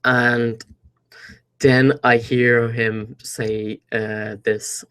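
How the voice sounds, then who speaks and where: A man's voice: mid-range voice, little pitch movement, very slow, fairly bright tone, clear, resonant tone. Nervous rambling Irish young man. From Ireland. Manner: nervous, rambling, with many fillers and restarts. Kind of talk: casual storytelling vlog.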